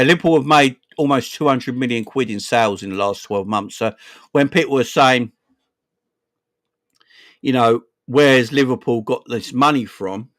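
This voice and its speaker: A man in his forties with a South London accent, hosting a casual football livestream, rambling and chatty, giving viewers shout-outs. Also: mid-range voice, dry recording, studio quality. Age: 40s. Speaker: football channel host.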